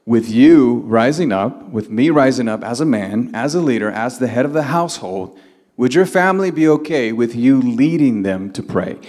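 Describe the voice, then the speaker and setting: A man's voice: medium pitch, lively intonation, moderate pace, darkish tone, long reverb tail. A man preaching a sermon as pastor, stretching out key words and building to emphatic, rising lines.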